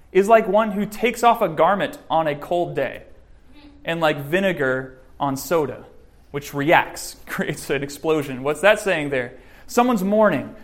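High-voiced man preaching with lively humor. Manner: lively, joking preaching, varied pitch and loudness. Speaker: pastor. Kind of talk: sermon.

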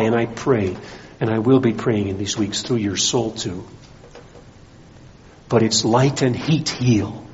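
A male pastor preaching a sermon, rising to strong emphasis and dropping low again. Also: lo-fi sound.

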